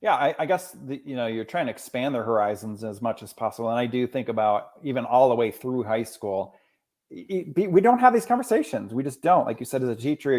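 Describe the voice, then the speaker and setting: A man in his forties, a school counselor, talking casually as a podcast guest and telling stories with quoted dialogue. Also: mid-range voice. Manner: animated storyteller, often quotes others.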